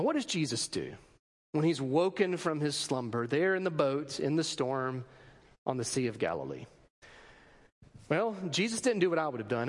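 A man's voice: sits high, big-room sound. A man preaching a sermon in a conversational way, asking rhetorical questions and adding joking asides. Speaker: pastor.

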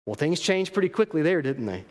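A man preaching to his congregation with a high, bright-edged voice. He tells the story with animated emphasis and asks his listeners rhetorical questions. His voice rings with a long reverb, as in a large sanctuary. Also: brisk. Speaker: pastor. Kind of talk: sermon.

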